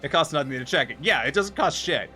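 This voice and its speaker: A man rants through a story on a stream, swearing freely. His voice is bright and lively, rising and falling a lot. Faint music plays behind him. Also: a little high, fast talker. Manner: profane, animated ranting. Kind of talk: casual ranting story.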